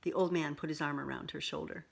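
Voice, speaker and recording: A woman reads a picture book aloud with a slightly low voice. She stops now and then to point out the pictures to a listener. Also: fairly even intonation, gravelly. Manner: pauses to show pictures to a listener. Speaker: storyteller.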